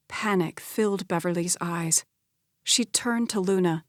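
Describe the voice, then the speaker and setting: A woman narrating a romance audiobook in a steady, scripted storytelling voice. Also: fairly low pitch, measured pace, no room sound, clean studio sound.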